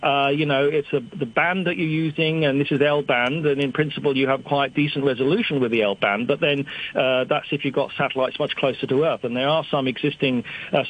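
A man's voice: medium pitch, poor audio. An older man, a guest expert on a radio show, explaining at length over an old phone, digressive and self-deprecating. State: slightly hard of hearing.

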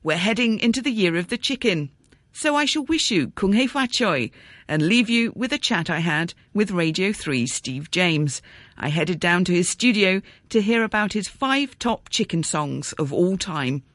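A woman presenting a radio programme and interviewing a guest, with a crisp delivery. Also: on the low side, animated, normal speed, fairly bright tone, dry recording, studio quality.

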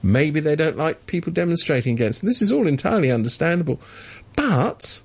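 A man's voice: fairly high pitch, animated, fairly quick, husky. A man co-hosting a radio talk show, chatting about politics in a sardonic, mocking way. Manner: sardonic, mocking, mimics officials. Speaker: radio co-host. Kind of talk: casual political chat on radio. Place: radio studio.

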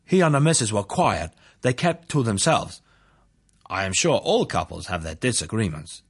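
A nervous neighbor on the witness stand, hedging with "uh"s and trailing off, as a man reads him in his own low, husky voice. His replies are halting and wary. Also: very animated, full character voice. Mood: hesitant. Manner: hesitant, with fillers.

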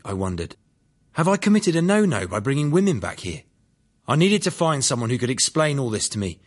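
A man narrating his own life story in a dry, plain-spoken first-person audiobook reading. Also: mid-range voice. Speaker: memoir narrator.

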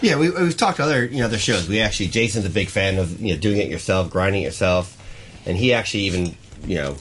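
A chef with a fairly low voice talks quickly on the radio, laying out a recipe in a plain, explanatory way. Faint background noise sits behind him. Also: male voice, lively intonation, a bit bright. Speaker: chef guest. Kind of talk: casual radio interview.

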